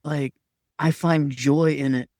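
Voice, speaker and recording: A man's voice: fairly high pitch, steady tone, takes it slowly, darkish tone, dry recording, studio quality. A man talking candidly as a podcast guest, earnest and emphatic, sometimes acting out his own past words in a raised voice. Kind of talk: candid conversational sharing.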